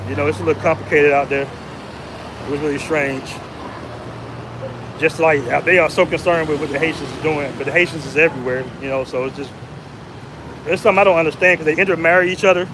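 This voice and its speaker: A man's voice: a little high, fast talker, pauses often. Slangy American man vlogging on a noisy street. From United States. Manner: loose, slangy, animated when retelling quotes. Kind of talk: casual vlog storytelling. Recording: noisy outdoor street recording.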